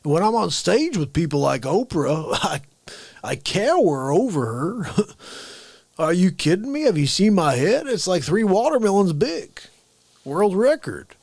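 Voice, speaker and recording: Brief: boastful, salesy TV advice doctor with a folksy drawl, as impressed by a man, lively swings in pitch. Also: unhurried, creaky, dry recording, full character voice. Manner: salesy drawl, over the top.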